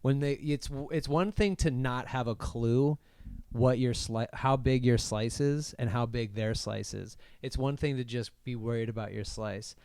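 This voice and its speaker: A man's voice: medium pitch, measured pace, darkish tone, smooth, dry recording. A young man co-hosting a comedy podcast, riffing in mock-angry profane rants. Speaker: podcast co-host. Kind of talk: casual comedy podcast chat.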